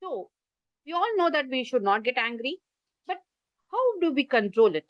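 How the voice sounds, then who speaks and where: A woman with an Indian English accent hosts an online parenting class on a video call, explaining with gestures and asking the audience to type in the chat. Her voice sits high with big pitch swings at a normal speed. The recording is dry, muffled, lo-fi video call audio.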